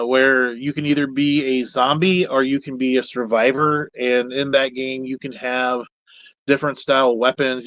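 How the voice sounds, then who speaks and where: A man's voice: medium pitch, a bit bright, no room sound, poor audio. A man being interviewed as a guest, speaking in a casual, rambling and candid way with some mild cussing. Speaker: guest, puppet builder. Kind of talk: casual chat.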